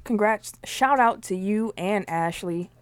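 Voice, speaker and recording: A woman's voice: medium pitch, measured pace, clean tone. A woman co-hosting a podcast, telling stories in casual chat and acting out what people said. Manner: animated storyteller who acts out quotes. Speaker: podcast co-host.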